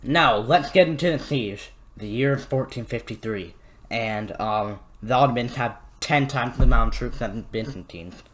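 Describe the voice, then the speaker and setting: A history channel host speaks at a moderate pace in a mid-range voice, rambling through a casual video. He's irreverent and jokey, swearing and filling his talk with fillers.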